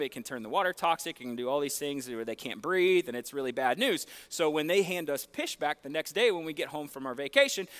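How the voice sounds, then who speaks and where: A man preaching, telling a long, animated, self-deprecating story with lots of fillers in a church. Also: on the high side. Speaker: pastor. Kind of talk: sermon storytelling. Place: church sanctuary.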